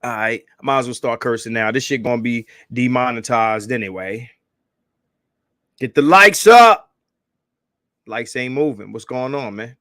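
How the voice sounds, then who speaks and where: A man hosting a casual livestream, hyped and profane, calling out shout-outs to viewers and begging for likes. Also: mid-range voice, fairly even intonation, brisk, few pauses, dry recording, studio quality. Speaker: livestream host.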